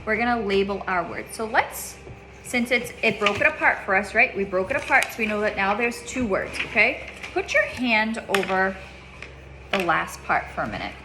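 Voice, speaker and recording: A woman's voice: mid-range voice, animated, normal speed, noisy background. A woman teaching a child reading in a one-on-one lesson, patient, repeating her questions and checking in with "okay?".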